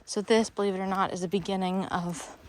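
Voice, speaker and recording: A woman's voice: flat delivery, a little fast, a little hiss or hum. Out-of-breath woman dog trainer explaining. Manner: explains while walking, breaks off to praise the dog in a high voice. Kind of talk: instructional training walk-through. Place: outdoors on a walk with a dog.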